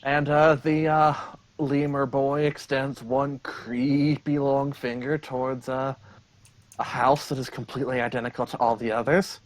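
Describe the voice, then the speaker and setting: A man running a tabletop game as game master, describing scenes in a relaxed way with frequent pauses. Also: medium pitch, no room sound.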